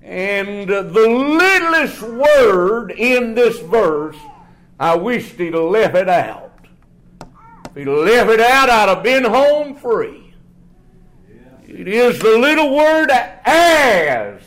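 Slow, folksy preacher man. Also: big pitch swings, fairly bright tone. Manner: folksy, drawn-out preaching with sudden drops to a low murmur. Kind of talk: sermon. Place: church.

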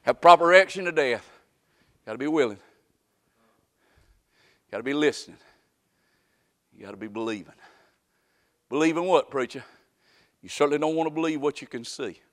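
Male preacher, high bright tenor, homespun sermon with shouted peaks. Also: animated, moderate pace, long pauses. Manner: folksy Southern preaching, rising to shouts.

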